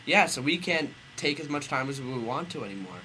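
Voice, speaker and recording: A man's voice: mid-range voice, lively intonation, brisk, sharp tone, slight background noise. A man co-hosting a casual radio show, chatty and rambling with lots of fillers. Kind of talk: casual radio chat and reading fan fiction.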